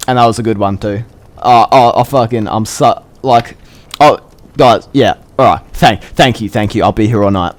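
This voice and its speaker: A young man with an Australian accent, telling a story in a rambling, crude and excitable way. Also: medium pitch, moderate pace. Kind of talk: casual storytelling.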